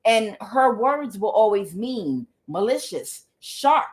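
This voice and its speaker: A woman's voice: mid-range voice, sing-song, takes it slowly. A woman tarot reader in a casual monologue who tells her story bluntly, swears freely and repeats words for emphasis.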